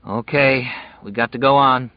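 A man voicing a big, gentle, simple-minded young man who answers in short, eager phrases, read from a storybook. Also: medium pitch, steady tone, moderate pace, dry recording, highs cut off, natural voice.

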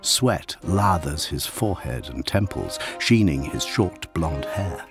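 A man narrating a dark science-fiction story in a scripted, hushed and dramatic delivery that at times drops near a whisper. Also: very deep voice, lively intonation, slow pace. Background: music.

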